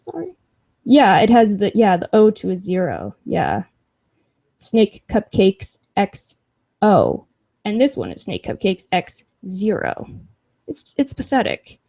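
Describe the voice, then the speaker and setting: A woman's voice: medium pitch, animated, unhurried, a little mellow. A young woman hosting a casual livestream, reading chat comments aloud with sarcastic, profane asides and frequent laughs.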